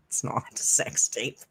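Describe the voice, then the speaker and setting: A woman from Canada hosting a casual live stream from home, chatty and laughing often as she tells stories with dark humor. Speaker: YouTube commentary host. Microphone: headphones with desk mic.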